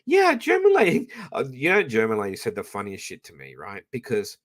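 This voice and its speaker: With a lowish voice that swings widely in pitch, a livestream host talks a little fast in a fairly bright tone. His chat, captured on a professional microphone, is rambling and profane, with plenty of restarts.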